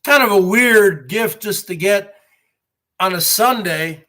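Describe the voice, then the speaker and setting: Brash stream host, from New Jersey, boastful and rambling, bright high voice. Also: male voice, slow pace. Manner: boastful, repeats "folks" and "bottom line"; greets viewers by name. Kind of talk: boastful rambling live chat.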